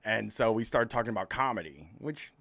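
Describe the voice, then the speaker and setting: Dry-voiced sarcastic comedian host. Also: male voice, on the low side, brisk, vocal fry, no echo. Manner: sarcastic, animated storytelling. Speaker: comedian and call-in show host. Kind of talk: casual chat.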